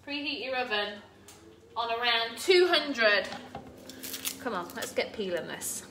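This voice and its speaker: A high, bright-voiced woman chats her way through a home cooking livestream. She greets viewers by name and pokes fun at herself, with a faint hiss in the background. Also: expressive, a little slow. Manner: chatty, greets viewers by name, self-mocking. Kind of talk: casual live cooking chat. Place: home kitchen. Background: children's game noise faintly.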